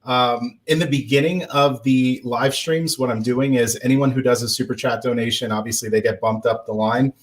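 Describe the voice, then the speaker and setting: A man's voice: medium pitch, fairly even intonation, moderate pace, hardly any pauses. A man hosting a live stream, chatting casually and joking with a guest while reading the chat. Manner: jokey, upbeat, filler-heavy.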